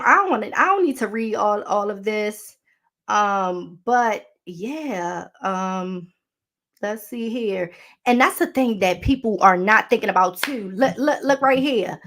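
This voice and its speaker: Sassy higher-voiced Baltimore woman. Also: fairly bright tone. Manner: chatty and sassy, calls listeners honey, stumbles over words. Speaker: podcast host. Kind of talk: casual commentary, reading a law aloud.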